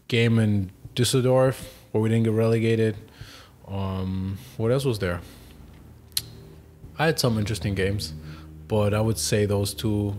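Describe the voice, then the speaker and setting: A man's voice: fairly low pitch, a little mellow, a little hiss or hum. A young man with a German accent, speaking English as a second language, talking casually as a podcast guest with many hesitations and restarts. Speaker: guest, professional soccer player.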